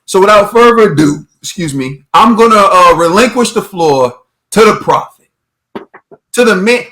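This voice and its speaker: A man's voice: high-pitched, lively intonation, normal speed, fairly bright tone. A man co-hosting a boxing talk show, ranting emphatically with repeated rhetorical questions. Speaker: boxing podcast co-host. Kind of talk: heated opinion rant.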